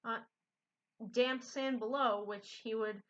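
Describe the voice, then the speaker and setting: Brief: woman storybook reader, gentle and casual, fairly high, bright, dull lo-fi audio. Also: steady tone, slow pace. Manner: gentle, unpolished, self-correcting. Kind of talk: reading a children's book aloud. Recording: dull lo-fi recording.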